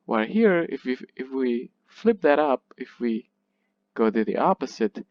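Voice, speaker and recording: Male lecturer, slow and methodical, repeats words; dry, slightly muffled recording. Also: mid-range voice, very animated, no room sound. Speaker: literature lecturer. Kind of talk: classroom lecture.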